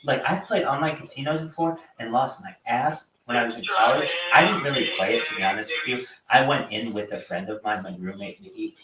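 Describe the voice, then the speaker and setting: A man's voice: mid-range voice, brisk, few pauses, recorded from a distance, crowd noise. A man hosting a livestream, talking in a loose, profane, rambling way with lots of fillers. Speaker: livestream host. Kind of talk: casual rambling chat. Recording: echoey room, from off-mic, faint background noise.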